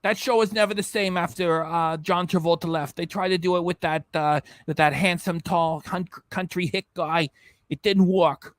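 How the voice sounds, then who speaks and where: High-voiced jokey man chatting on a livestream. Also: fairly even intonation, moderate pace, no room sound, clean studio sound. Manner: jokey, rambling, keeps slipping into silly voices. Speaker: reaction channel host. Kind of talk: casual livestream chat.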